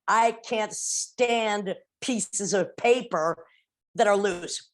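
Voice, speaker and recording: Talkative female podcast host, mid-range voice, interrupts and laughs freely. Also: mid-range voice. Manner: chatty, interrupts warmly, laughs often. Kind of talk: casual interview chat.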